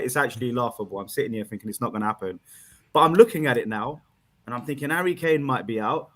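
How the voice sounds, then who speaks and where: Excitable laughing man calling in. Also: mid-range voice. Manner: excitable, laughing, repeats himself. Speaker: caller. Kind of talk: casual fan chat.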